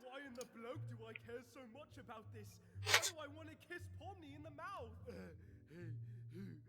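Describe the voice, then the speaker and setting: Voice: high-pitched, expressive, normal speed. A manic British pirate bloke. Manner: rambling gibberish, shouting slang. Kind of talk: parody video clip.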